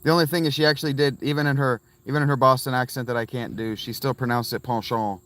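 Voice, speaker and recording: A man's voice: mid-range voice, steady tone, fast, fairly bright tone. A man in his fifties hosting a casual livestream outdoors from his phone, chatting with viewers and rambling between thoughts. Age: 50s. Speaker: livestream host. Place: outdoors by a fountain.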